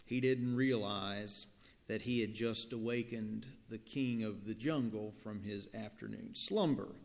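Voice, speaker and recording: A male pastor reading scripture and telling a story in a sermon, in a gentle, deliberate manner, in a church. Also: on the low side, creaky. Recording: long church reverb.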